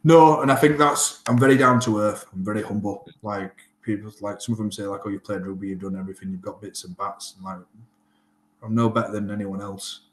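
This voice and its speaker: A man's voice: on the low side, brisk. A man, a rugby player chatting as an interview guest and acting out conversations as he tells stories. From Northern England. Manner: animated storyteller, acts out quoted exchanges. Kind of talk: casual interview chat. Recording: echoey room.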